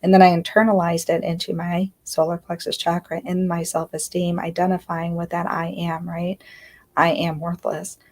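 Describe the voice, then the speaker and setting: A woman's voice: fairly low pitch, monotone, moderate pace, hardly any pauses, darkish tone, slight background noise. A woman giving an earnest, confiding self-help talk on a live stream, often checking in with "right?". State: close to tears at times. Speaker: inner healing coach.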